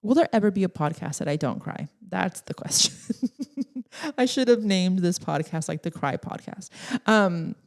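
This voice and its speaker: A woman's voice: fairly low pitch, expressive, moderate pace, gravelly. A young woman hosting a solo podcast in a casual, rambling, emotional way, laughing often and tearing up at times. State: tearful at times. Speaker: podcast host.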